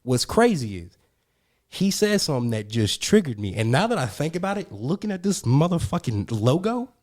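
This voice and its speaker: Animated profane young man telling stories. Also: on the high side, normal speed. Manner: animated, profane, slangy, retells scenes with quoted dialogue. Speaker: podcast co-host. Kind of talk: casual storytelling chat.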